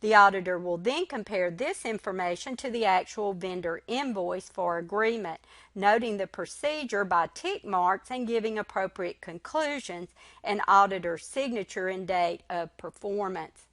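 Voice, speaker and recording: A woman lecturer reading a recorded slide lecture in a measured way. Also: medium pitch, a bit bright, dry recording.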